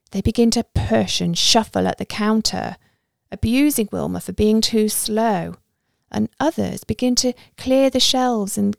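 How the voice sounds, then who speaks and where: A woman's voice: mid-range voice, gravelly, darkish tone, no room sound, clean studio sound. A woman narrating a story in a conversational first-person way.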